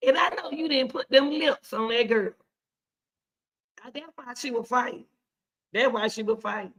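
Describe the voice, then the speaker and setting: A woman hosting casual reaction commentary, excitable and chatty, repeating herself often. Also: on the high side, moderate pace. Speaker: commentary host.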